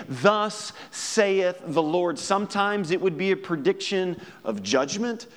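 A man with a high voice preaches in an easygoing, conversational way. He acts out little exchanges as he goes. His voice rings out with a long reverb, as in a big church hall. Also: fairly bright tone. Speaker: pastor. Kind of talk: sermon.

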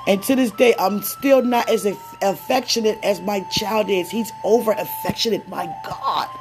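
A woman preaching and praying in a conversational sermon. She mixes personal stories with laughing asides and slows down for prayer. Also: medium pitch, over music.

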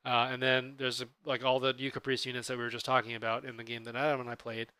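A man co-hosting a podcast, chatting casually about tabletop gaming in a relaxed, explanatory way. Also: mid-range voice, fast, clean tone, dry recording. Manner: relaxed, explanatory, self-correcting. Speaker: podcast co-host.

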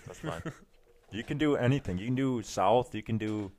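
A man's voice: on the low side, moderate pace, a little mellow. A young man in casual, crude podcast chat who rambles and tells stories.

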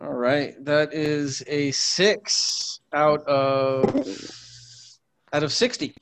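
A man's voice: on the high side, fairly even intonation, drawn-out words, fairly bright tone, a little hiss or hum. A man as a player in a tabletop game, stating his moves plainly. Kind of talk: casual tabletop play.

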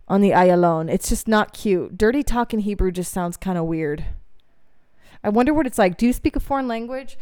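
A woman's voice: mid-range voice, a little mellow, smooth. Candid laughing woman podcast host. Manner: candid, laughing, profane storytelling. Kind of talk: casual storytelling monologue.

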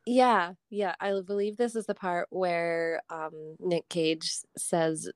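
A woman co-hosting a movie podcast who speaks slowly, in a laid-back, giggly way. Her voice is recorded dry and close, with no room sound around it. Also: on the low side, steady tone, clear, resonant tone, dry recording. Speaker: podcast co-host. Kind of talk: casual movie podcast chat.

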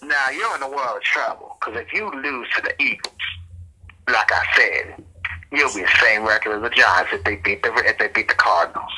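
A man's voice: mid-range voice, normal speed, sharp tone, a little hiss or hum, low-quality recording. A man in his thirties co-hosting a casual sports podcast, trash-talking and rambling as he gets fired up. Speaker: podcast co-host.

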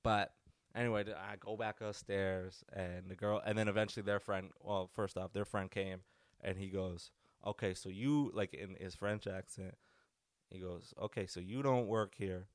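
A man's voice: low-pitched, normal speed, no room sound. Rambling male podcast host, dry sound. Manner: rambling, animated, with many restarts. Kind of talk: casual storytelling.

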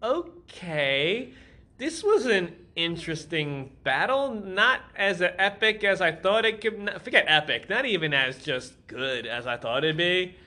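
A man with a high, bright, ringing voice chats loosely through an episode recap. He keeps slipping into mocking impressions of the characters as he retells their lines. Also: expressive, moderate pace, few pauses. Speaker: podcast co-host. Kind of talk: casual episode recap chat.

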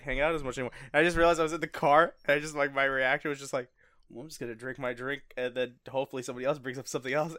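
A man's voice: on the high side, fairly bright tone, no room sound, studio quality. A young man chatting casually with a friend, telling work stories with laughs and swearing. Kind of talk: casual chat.

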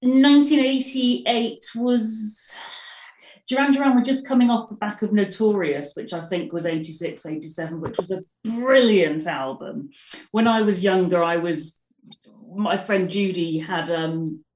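A woman guest on a radio music show, talking quickly and eagerly about her favourite songs. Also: on the low side, darkish tone, distant mic. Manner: quick, enthusiastic music talk. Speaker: guest presenter. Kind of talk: casual chat. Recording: roomy sound from off-mic.

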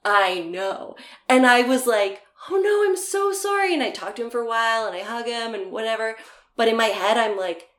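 A woman's voice: on the high side, fairly even intonation, normal speed, a bit bright. A young woman telling a story in casual conversation, laughing often and acting out the dialogue. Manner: chatty, laughs often, acts out quoted dialogue. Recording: roomy echo.

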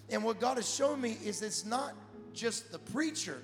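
A man preaching a sermon as pastor, animated, with repeated phrases that build to shouts. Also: high-pitched, normal speed. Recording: echoey hall with music.

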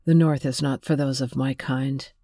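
A narrator voicing a restrained, tender young man who speaks softly and earnestly, holding back tears, in an audiobook reading. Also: medium pitch, fairly even intonation, moderate pace, no echo, clean studio sound, natural voice.

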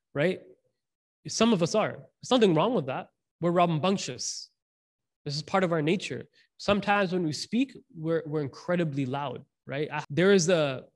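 A man preaching in a loose, conversational way, slipping into slang and acting out the people in his stories. His voice sits a little higher than most men's, and his energy rises and falls as the story unfolds. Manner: casual, animated, slangy, acts out quotes. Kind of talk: sermon storytelling.

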